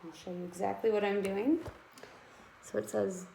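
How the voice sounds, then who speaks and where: A woman teaching a kindergarten writing lesson, sounding out letters slowly and encouraging young children. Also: medium pitch, fairly even intonation, vocal fry, warm tone, roomy sound.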